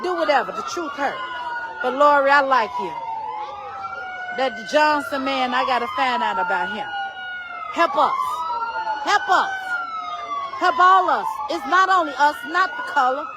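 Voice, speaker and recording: A loud, rambling woman livestreams from a city street at night. Her voice sits high and swings wildly up and down. Sirens and a crowd fill the noisy street behind her. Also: animated, moderate pace.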